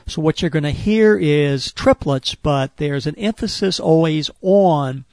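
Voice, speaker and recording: A man's voice: fairly high pitch, measured pace, darkish tone, no echo, studio quality. A man patiently explaining a rhythm and movement exercise step by step, with the odd filler. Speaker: wellness instructor.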